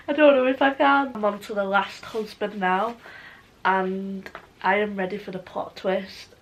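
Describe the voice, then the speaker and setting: A woman's voice: medium pitch, steady tone, measured pace, a little hiss or hum, rough recording. A young woman chatting casually in a reading vlog, gushing and emotional, with many "like"s. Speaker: book vlogger.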